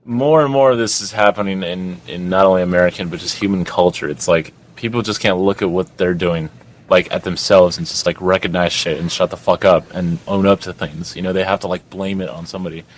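A man's voice: sits low, steady tone, a little fast. A young adult man hosting a podcast, ranting in a rambling, profane casual chat. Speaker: podcast host.

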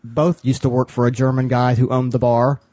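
A man's voice: mid-range voice, flat delivery, moderate pace, a little mellow, dry recording. A man co-hosting a podcast in casual chat, teasing, loose and profane. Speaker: podcast co-host.

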